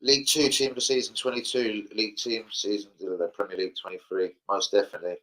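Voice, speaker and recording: A man's voice: lowish voice, little pitch movement, fast, fairly bright tone, poor audio. A man chatting live to viewers about football, with sweary, blunt banter. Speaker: football fan streamer. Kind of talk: casual live-stream chat.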